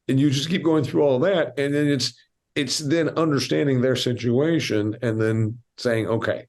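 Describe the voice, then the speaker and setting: A man hosts an interview podcast in a loose, conversational style. He tells stories and drops blunt asides, and his voice sits at an ordinary medium pitch. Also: fairly even intonation, normal speed, a little mellow. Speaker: podcast host.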